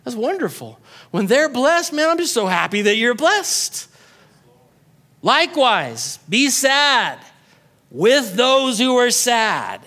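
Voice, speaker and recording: Male pastor, middle-aged, sermon, very high voice, bright tone, playful and animated. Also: slow pace. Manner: animated, joking, acts out quoted voices.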